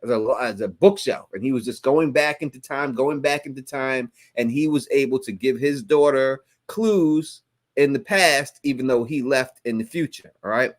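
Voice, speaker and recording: A man's voice: medium pitch, moderate pace. A man hosting a live stream, explaining fan theories at length with many restarts. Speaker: host.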